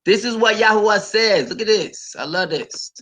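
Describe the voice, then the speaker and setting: A man preaching on a livestream in a fairly high, tense and forceful voice. He talks straight to his viewers, hammers points home by repeating them, and breaks off to read scripture aloud and comment on it. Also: normal speed, poor audio.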